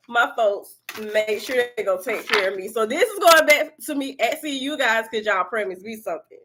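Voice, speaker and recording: A woman, a spiritual reader and channel host, telling animated stories straight to her viewers with lots of swearing and quick laughter. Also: fairly high pitch. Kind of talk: casual storytelling to viewers.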